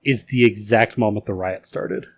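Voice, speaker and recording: A man's voice: on the low side, moderate pace. Guy co-hosting a chill podcast, rambly storyteller, swears a lot, lots of "like". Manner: rambling storyteller, many "like" fillers, swears freely. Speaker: podcast co-host telling history. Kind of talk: casual drinking-game podcast chat.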